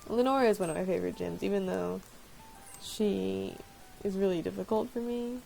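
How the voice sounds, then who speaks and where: Woman, casual let's-play host, gravelly fry, rambling and self-deprecating. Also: mid-range voice, moderate pace, dark tone, soft background music, poor audio. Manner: rambling, apologetic, laughs often. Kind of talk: casual gameplay commentary.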